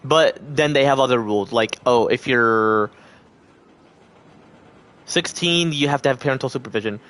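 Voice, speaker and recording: Talking to his chat at a moderate pace, a male streamer uses a middle-pitched, fairly bright voice. His delivery is loose and unscripted as he drifts between thoughts and acts out other people's lines in playful put-on voices.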